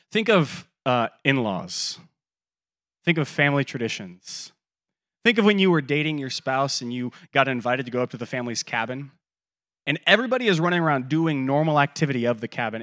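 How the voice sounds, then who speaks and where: Preaching as pastor, this man in his thirties tells stories and performs the quoted voices, moving from loud to quiet and back. He has a mid-range voice with lively intonation and speaks at normal speed.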